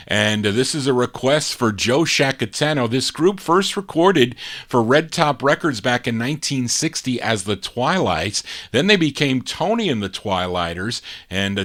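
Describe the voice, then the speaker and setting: A man hosting a live oldies record show, introducing each song with an unhurried, chatty history and dedications. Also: mid-range voice, a bit bright. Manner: unhurried, conversational, laughs off his own misreading. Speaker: radio host and record DJ.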